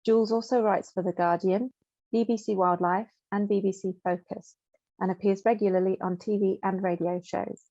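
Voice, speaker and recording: Mellow-voiced British woman chairing a session. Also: mid-range voice, fairly even intonation, no echo. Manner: clear, measured, scripted. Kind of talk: formal introduction. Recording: dull lo-fi sound.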